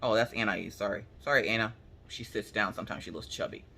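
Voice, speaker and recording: Bright-voiced woman telling a story. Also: very deep voice, fast talker, gravelly, husky. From Pennsylvania. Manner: animated, colloquial, acts out quotes. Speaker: crafting channel host. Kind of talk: casual storytelling chat.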